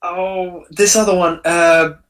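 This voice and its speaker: A man co-hosts a casual live stream, talking slowly and haltingly. He fills gaps with ums and uhs as he searches for words. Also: sits high, flat delivery, fairly bright tone. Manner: slow, hesitant, lots of ums. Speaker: co-host.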